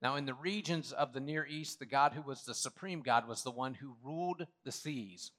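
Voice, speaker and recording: A man preaches to his congregation in a church. He is animated, breaks in with jokes, and swings from loud, emphatic lines down to quiet, hushed ones. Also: medium pitch, normal speed. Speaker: pastor. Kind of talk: sermon. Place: church sanctuary.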